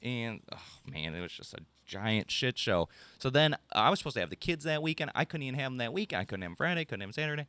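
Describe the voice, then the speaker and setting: A man's voice: medium pitch, sing-song, fast, hardly any pauses, bright, forceful tone, clean tone, dry recording. A man, telling a rambling story on a casual podcast, ranting and swearing freely. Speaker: podcast co-host.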